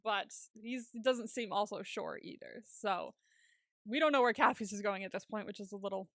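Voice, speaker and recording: A woman's voice: medium pitch, normal speed, no room sound, studio quality. A woman co-hosting a podcast, casually recapping a TV episode and acting out the characters' lines. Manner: animated retelling, acts out characters' lines, laughs often. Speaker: podcast co-host.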